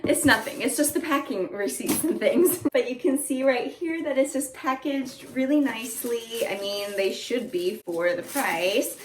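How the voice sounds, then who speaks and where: A young woman vlogging an excited unboxing at home, gushing with lots of "like" and "oh my God". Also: fairly high pitch, a little slow, few pauses. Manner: gushing, breathless, fillers like "like" and "oh my God". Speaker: beauty and fashion vlogger. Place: home indoors. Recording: echoey room, faint noise.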